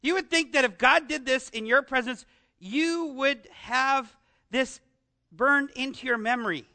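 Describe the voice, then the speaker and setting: A man preaching a conversational sermon into an amplified microphone, animated and often asking his congregation rhetorical questions. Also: very high-pitched, unhurried. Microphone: amplified microphone with some feedback.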